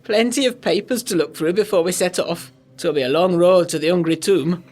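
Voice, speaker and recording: A man's voice: sits high, brisk, darkish tone. A woman voicing a weary, folksy Egyptologist with a Northern English accent.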